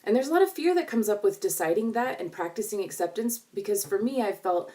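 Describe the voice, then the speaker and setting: Mellow-voiced woman vlogging from afar. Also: mid-range voice, lively intonation, quick pace, hardly any pauses, distant mic. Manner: chatty and reflective, many fillers. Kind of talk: casual talk to camera.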